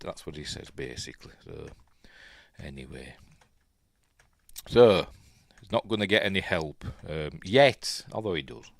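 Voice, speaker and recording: A man's voice: rumbling low, expressive, a little slow, gravelly, dry recording, clean studio sound. A man with a Yorkshire accent casually commenting on a film as he watches it, rambling with many ums and restarts. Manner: plays out the characters' lines in quotes. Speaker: film review host.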